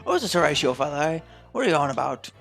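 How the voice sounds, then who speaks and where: A man doing a gruff blustering old ruffian. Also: on the high side, big pitch swings, fast talker, a bit bright, faint music behind, full character voice. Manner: rough, blustering, rude.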